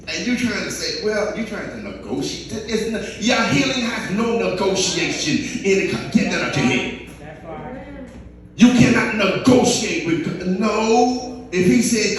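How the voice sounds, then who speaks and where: A man preaching a sermon, talking straight to his congregation with animated emphasis. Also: high voice, unhurried. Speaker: pastor. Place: church sanctuary. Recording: echoey church hall, mic at a distance, music behind.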